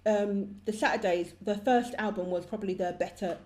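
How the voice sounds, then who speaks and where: A woman's voice: mid-range voice, normal speed, darkish tone. A woman co-hosting a music review show in casual chat, enthusiastic and opinionated.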